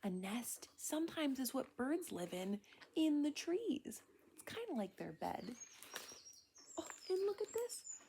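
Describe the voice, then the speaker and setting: A woman reading a picture book aloud to young children, often in a hushed, whispery voice with gasps of wonder, pointing things out and asking questions. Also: high voice, big pitch swings, unhurried, slight background noise. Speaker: children's storybook reader.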